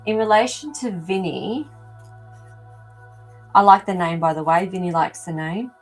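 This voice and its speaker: A woman's voice: lowish voice, unhurried, poor audio. Chatty woman host, faint music behind. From not from America. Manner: chatty, thinks aloud with many ums. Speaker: animal communicator, show host. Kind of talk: live-stream reading for viewers.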